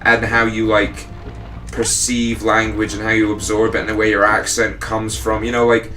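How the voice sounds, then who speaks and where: A man's voice: fairly low pitch, monotone, moderate pace, sharp tone, faint music behind, poor audio. A man with an English accent, chatting casually and rambling while playing a game. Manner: rambling, many fillers and restarts. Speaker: co-host.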